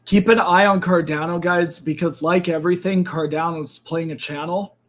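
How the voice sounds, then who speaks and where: A man's voice: a little high, steady tone, normal speed. A man hosting a live crypto trading stream, thinking aloud and second-guessing himself as he talks through the charts. He says he is losing his voice. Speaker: crypto trading livestream host. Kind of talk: casual live market commentary.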